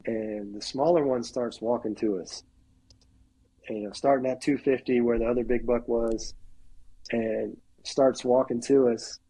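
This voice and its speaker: A man's voice: mid-range voice, measured pace, husky, rough recording. A middle-aged man, a podcast guest, telling a hunting story casually and animatedly, often saying "like" and acting out what people said. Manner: animated storyteller, acts out quotes, heavy use of "like".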